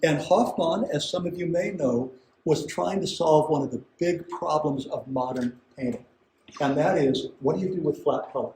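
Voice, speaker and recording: A man's voice: fairly high pitch, normal speed, dark tone, a little hiss or hum. A man giving a conversational art lecture to a museum audience, chatty, with asides and questions to the room. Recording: roomy gallery echo.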